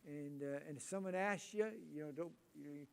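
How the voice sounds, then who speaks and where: Folksy preacher man, loud then hushed. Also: on the high side, normal speed, smooth. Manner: folksy, swings from loud emphatic lines to quiet storytelling. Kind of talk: sermon. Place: church hall.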